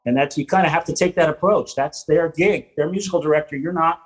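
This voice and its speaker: Chatty man with a higher voice. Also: fast, rough recording. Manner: rambling storyteller, many restarts, animated quoting of others. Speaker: podcast host and Broadway drummer. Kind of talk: casual interview chat.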